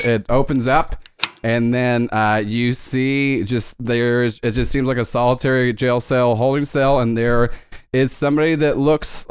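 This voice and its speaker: A man narrating a tabletop game as game master, with casual, rambling talk full of fillers. His voice is smooth and clear, and the sound is dry. He sits in the middle of a man's pitch range. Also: dry recording.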